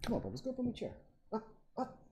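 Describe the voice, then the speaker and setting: A man's voice: sits high, huge pitch swings, fast, warm tone, a little hiss or hum. A man casually commenting on a video at home, laughing, swearing and mocking as he talks to his dog.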